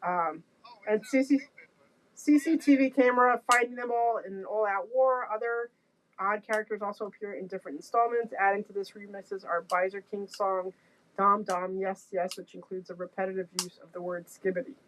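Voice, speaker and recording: Female radio co-host, mid-pitched, quick amused reactions, reads aloud now and then. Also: fairly even intonation, slight background noise, poor audio. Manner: amused, exclaiming. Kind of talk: casual on-air banter and reading aloud.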